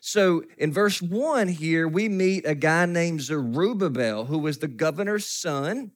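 A man's voice: a little high, expressive, a little slow. Man preaching a folksy sermon. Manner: storytelling with self-deprecating humor and laughs. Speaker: pastor.

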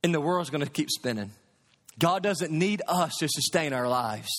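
A man preaching a sermon as pastor, animated and swinging between loud emphasis and quiet asides. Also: on the high side, normal speed. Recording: long hall reverb.

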